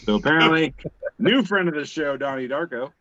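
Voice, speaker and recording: A man's voice: a little high, moderate pace, bright, forceful tone, no echo. Wry man reading memes on a call. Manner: reads captions aloud, wry asides, swears casually. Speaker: co-host. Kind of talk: casual chat reading memes aloud. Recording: dull lo-fi call audio, dry.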